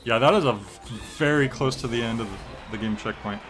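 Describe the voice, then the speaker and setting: A man's voice: medium pitch, brisk, fairly bright tone, soft background music. A man giving casual gameplay commentary on a stream, joking and reacting to chat as he plays. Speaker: game streamer.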